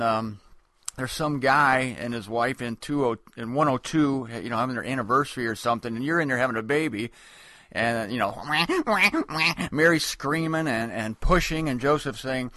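A man's voice: medium pitch, moderate pace, sharp tone, dry recording. A man delivering a rambling, wry comedic monologue, often correcting himself mid-sentence.

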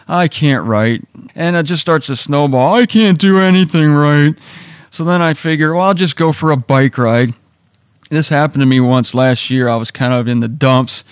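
A man's voice: mid-range voice, smooth, no room sound, studio quality. A middle-aged man hosting a casual devotional talk, telling self-deprecating stories. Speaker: radio host.

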